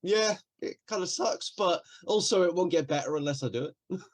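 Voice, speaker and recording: A man co-hosting a podcast, chatting casually, laughing often and trailing off quietly. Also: high-pitched, expressive, normal speed. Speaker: podcast co-host. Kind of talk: casual chat.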